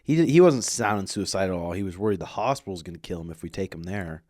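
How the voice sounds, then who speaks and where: A man's voice: low-pitched, animated, quick pace, a little mellow, no echo, studio quality. A man telling a story in a casual podcast chat, swearing freely and acting out quoted voices. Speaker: podcast co-host.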